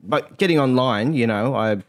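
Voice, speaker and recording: Man, podcast co-host, earnest, rambling, heated, mid-pitched voice, video call. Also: moderate pace. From Australia. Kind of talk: casual chat.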